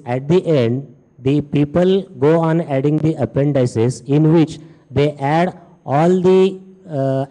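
A man's voice: on the high side, warm tone, poor audio. A man, politely putting formal questions to a lecturer one by one. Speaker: participant asking questions.

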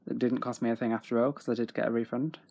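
A young man with a freely swearing, excitable manner, chatting casually at home in a video diary. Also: medium pitch, fast talker, creaky. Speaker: autograph collector vlogger.

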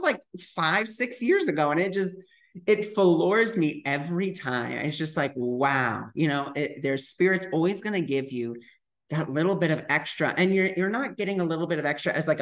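A man's voice: on the high side, fairly bright tone. A young man tells a personal story to camera on his spiritual vlog. He talks in a loose, chatty way, scattering fillers and acting out other people's lines as he goes. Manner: chatty, full of "like" fillers, re-enacts dialogue. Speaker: spiritual vlogger.

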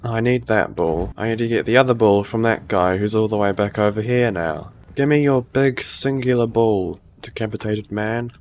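A man's voice: fairly low pitch, moderate pace, few pauses, a little hiss or hum. A man, feeling a bit sick, giving casual, joking let's-play commentary and swearing often. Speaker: gaming YouTuber.

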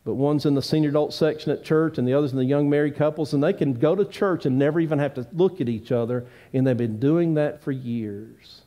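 A man's voice: on the high side, fairly quick, hardly any pauses, lo-fi sound. Earnest male pastor preaching. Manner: earnest preaching with rising emphatic pleas and quieter asides. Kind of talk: sermon. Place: church sanctuary.

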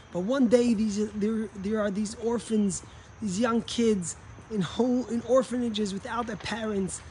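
A man giving a sermon as a rabbi, telling a story dramatically. He swells louder and higher at key moments and drops low and soft at the sad parts. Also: a little hiss or hum, poor audio.

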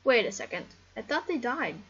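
Woman, gameplay commentary, excitable, chatty, slightly high voice, dull lo-fi mic. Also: fairly quick, husky. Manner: excitable, rambling, talks to game animals. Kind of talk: casual game commentary.

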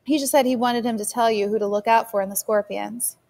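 A woman's voice: fairly high pitch, fairly even intonation, brisk, creaky, darkish tone. A woman voicing a watchful, protective mother who speaks firmly and asks pointed questions, while reading a novel aloud. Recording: long reverb.

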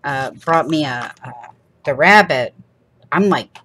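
A woman's voice: low voice, animated, slow, noisy background. A woman, chatting casually and rambling with laughs while she crafts for her channel. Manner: rambling, chatty, laughs often, acts out little quoted voices.

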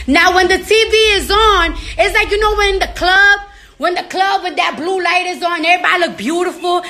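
A woman with a very high, bright, sharp-edged voice delivers a loose monologue to her followers. She is brash and profane, and she tells her stories with big, animated energy. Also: normal speed. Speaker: celebrity talking to her followers. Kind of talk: casual monologue to camera.

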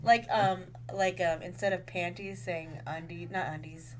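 A woman's voice: fairly low pitch, fairly even intonation, slight background noise, rough recording. A woman co-hosting a casual game stream, making playful quips. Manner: playful, teasing, quick quips. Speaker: co-host. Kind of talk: casual gameplay chat.

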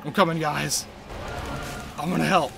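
A man giving casual gameplay commentary in an excitable, exclamatory way, swearing freely. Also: fairly high pitch, normal speed, gravelly, noisy background. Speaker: video game let's-player.

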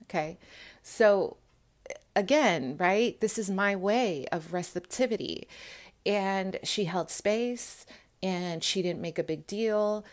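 Young woman vlogger, earnest and emphatic, mid-pitched, speaking straight to her viewers. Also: takes it slowly. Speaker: spiritual vlogger. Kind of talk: casual talk to camera.

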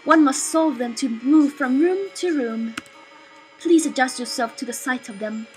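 A woman voicing a gentle, motherly goat caretaker in a video game, in a put-on English accent. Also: high voice, measured pace, faint music behind. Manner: soft, formal and kindly.

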